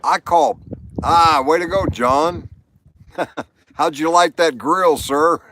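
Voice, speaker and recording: A man's voice: fairly high pitch, slow. A middle-aged man hosting a live stream, telling jokes and chatting casually with viewers by name. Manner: animated, jokey, addresses viewers by name. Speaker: livestream host. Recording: noisy background.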